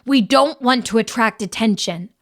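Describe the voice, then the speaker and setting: A woman reading an audiobook, voicing an old woman mystic who speaks in a hushed, firm way. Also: fairly high pitch, moderate pace, lightly acted. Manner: hushed, urging restraint.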